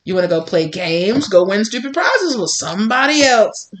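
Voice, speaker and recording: A woman's voice: mid-range voice, very animated, normal speed, background noise. A woman giving a chatty, blunt tarot reading, swearing freely and laughing often. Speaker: tarot reader.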